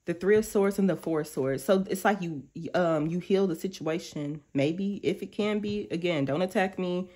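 Her fairly low voice moves at normal speed with few pauses. As a tarot reader, she gives viewers a casual, slangy, animated reading. She habitually interrupts herself to act out thoughts in quotation.

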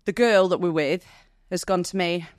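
A woman's voice: on the low side, normal speed, dry recording, studio quality. A woman, a podcast guest, telling her own story candidly and emotionally, acting out what people said. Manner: candid, vivid retelling with quoted dialogue; emotional, near tears. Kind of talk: personal storytelling in an interview.

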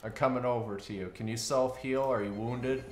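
Excitable gamer man, echoey room. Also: medium pitch, normal speed. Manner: excitable, panicky under fire. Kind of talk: casual gameplay chat. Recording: echoey room with loud game noise.

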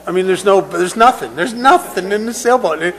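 A man's voice: high voice, expressive, fairly quick, fairly bright tone, rough recording. A man telling personal stories at a recovery meeting, in a conversational way, often repeating words as he restarts. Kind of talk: personal storytelling talk.

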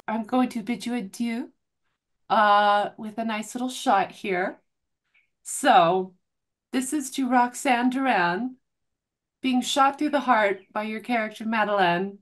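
A woman hosting a podcast interview, chatting casually in an enthusiastic, giggly way. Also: on the high side. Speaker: podcast host.

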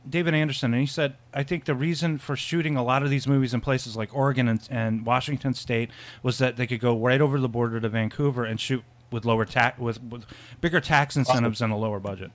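A man's voice: mid-range voice, fairly even intonation, fast talker. A man co-hosting a casual film podcast, rambling and laughing often, with many restarts. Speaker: podcast co-host.

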